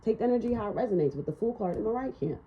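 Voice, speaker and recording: A woman giving a casual tarot reading, blunt and profane, ranting and laughing as she talks. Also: racing. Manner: animated, swinging up and down in pitch. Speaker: tarot reader. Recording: slightly dull, lo-fi sound.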